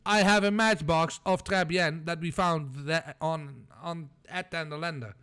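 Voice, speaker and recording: A man streaming a game, reading and commenting with animated, laughing, swearing chatter. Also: a little high, a little slow, smooth. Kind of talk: gameplay commentary. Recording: background music.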